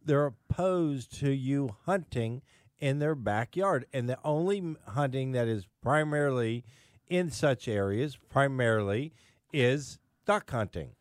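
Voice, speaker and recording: A man's voice: mid-range voice, expressive, unhurried, dry recording, studio quality. A man appearing as a guest on a talk radio show, speaking emphatically and indignantly, with frequent restarts.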